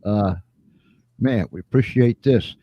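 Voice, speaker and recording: A man's voice: lowish voice, slow, warm tone, muffled recording. A man in his seventies hosting a live chat show, easygoing and a little rambling. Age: 70s. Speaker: host.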